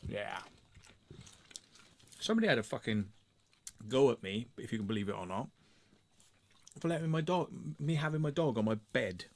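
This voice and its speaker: A middle-aged English man telling a story in a sweary, sarcastic, animated rant to camera. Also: fairly low pitch, slight background noise. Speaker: vlogger. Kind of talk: casual ranting monologue.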